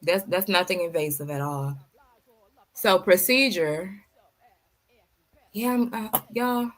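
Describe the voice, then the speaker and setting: Sassy woman with a lively voice. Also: fairly low pitch, normal speed. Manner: blunt and sassy, rhetorical questions. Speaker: reaction video host. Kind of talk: casual commentary.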